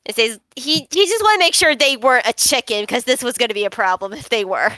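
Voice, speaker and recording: Bright-voiced woman tabletop player. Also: on the high side, lively intonation, quick pace, no room sound. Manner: casual, narrates her character's actions in third person. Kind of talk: playing a tabletop game over voice chat.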